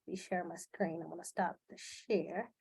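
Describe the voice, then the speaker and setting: A woman's voice: lowish voice, fairly even intonation, moderate pace, vocal fry, darkish tone, breathy edge. A woman speaking live into her computer camera, candid and emotional, with many fillers. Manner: earnest, emotional, with frequent fillers. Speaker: live video host. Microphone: webcam on a computer.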